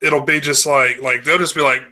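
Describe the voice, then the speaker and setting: Flat, sharp-toned man making wry asides. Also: mid-range voice, a little fast. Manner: wry, short interjections. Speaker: podcast co-host. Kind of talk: casual chat.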